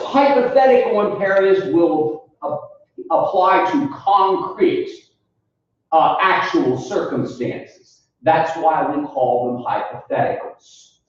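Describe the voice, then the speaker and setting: A man lecturing a philosophy class, deliberate and explanatory, calling the students folks and quizzing them as he goes. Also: fairly high pitch. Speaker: philosophy instructor. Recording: echoey classroom recorded from far off, dull lo-fi sound.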